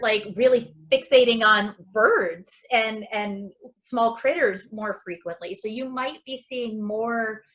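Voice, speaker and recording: A woman's voice: mid-range voice, fairly bright tone. Chatty woman dog trainer teaching a class. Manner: conversational, repeats words for emphasis, many fillers. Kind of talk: puppy class lecture.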